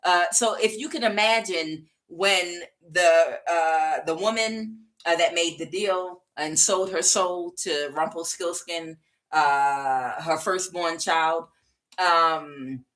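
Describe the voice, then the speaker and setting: A woman's voice: lowish voice, slow, fairly bright tone. A woman giving a casual tarot reading, chatty and rambling, with frequent fillers and laughter. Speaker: tarot reader.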